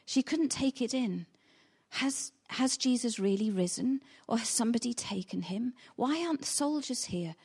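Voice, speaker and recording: A woman preaching, her voice husky and mellow with a somewhat high pitch. She tells the story as she preaches and gives the quoted lines growing intensity. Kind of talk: sermon retelling a Bible story.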